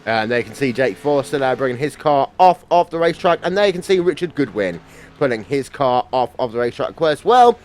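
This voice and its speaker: A man's voice: mid-range voice, lively intonation, a little fast, darkish tone. A man commentating an online sim race, playful and joking, reading mock sponsor plugs.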